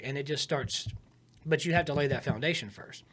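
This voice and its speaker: A man in casual podcast talk, coaching comedy writing in an emphatic, animated way, shifting his tone for effect. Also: mid-range voice, fast, slight background noise. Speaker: comedian giving writing advice.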